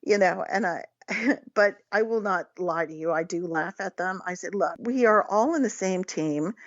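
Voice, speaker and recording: A woman's voice: on the low side, moderate pace, dry recording, highs cut off. A woman, a psychic guest on a talk radio show, telling stories about her clients in a chatty way and laughing often. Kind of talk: casual radio interview storytelling.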